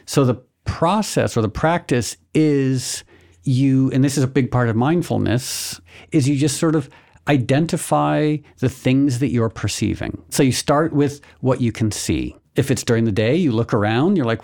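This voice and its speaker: A man hosting a podcast, calmly explaining things step by step in casual chat. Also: mid-range voice, vocal fry. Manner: calm, explanatory, walks through steps slowly. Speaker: podcast host.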